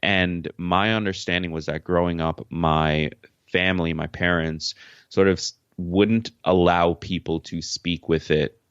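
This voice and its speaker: A young man from Jamaica, a podcast host and author, answering interview questions in a relaxed way with many fillers. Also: low-pitched, a little slow, smooth, no echo. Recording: dry, dull lo-fi remote call audio.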